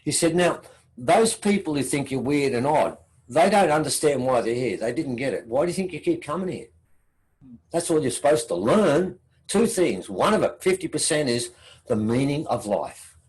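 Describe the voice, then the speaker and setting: Speaking at a moderate pace in a slightly mellow voice, this Australian conference speaker tells a story and acts out its quoted lines, his pitch swinging widely. The audio is low-quality.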